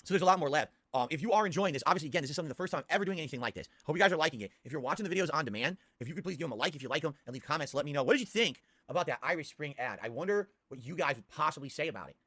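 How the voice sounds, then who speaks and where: A man hosting a live stream, reacting to old ads in crude, excitable casual commentary full of swearing. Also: on the high side, rapid-fire, hardly any pauses, no echo. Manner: crude, swearing, excitable, bursts into loud laughter.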